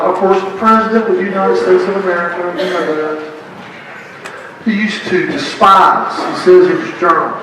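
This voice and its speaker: A man's voice: on the high side, far from the mic, background noise. A man preaching a sermon and telling stories, joking with the congregation. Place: church sanctuary. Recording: echoey church heard from afar.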